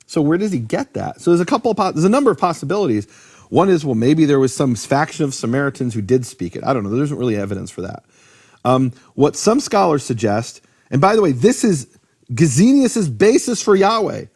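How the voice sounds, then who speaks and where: A man teaching in a conversational lecture about biblical names, animated, posing rhetorical questions and often restarting his sentences. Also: on the high side, brisk, breathy edge. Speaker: Bible teacher explaining Hebrew names.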